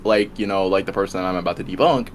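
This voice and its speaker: Guy, low-ish voice, rambling debater on a headset call with faint noise. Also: quick pace. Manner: rambling, repeats and restarts while arguing. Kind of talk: casual debate chat.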